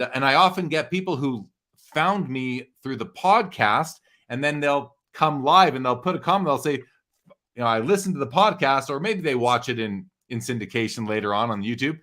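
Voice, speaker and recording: A man's voice: medium pitch, lively intonation, moderate pace, pushed and bright. Earnest man hosting a live stream. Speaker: host of a live sports card show. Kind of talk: live-stream interview and reading viewer comments.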